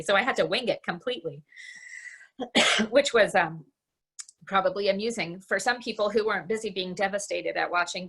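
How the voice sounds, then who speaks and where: Woman, middle-aged, lower register; candid personal talk, halting with restarts, home video call. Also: a bit bright, breathy edge. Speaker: guest speaker. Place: her home, indoors.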